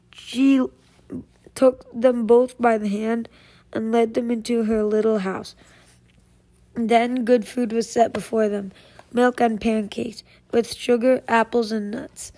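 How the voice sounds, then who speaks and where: Lady reading a fairy tale out loud, slow, kinda flat, stumbles now n then. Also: on the high side. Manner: slow, measured reading with small slips and restarts. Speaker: storyteller.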